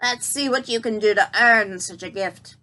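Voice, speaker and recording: A woman voicing a cruel old witch who shouts her orders in a harsh, cackling voice. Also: medium pitch, moderate pace, lightly acted. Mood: mocking.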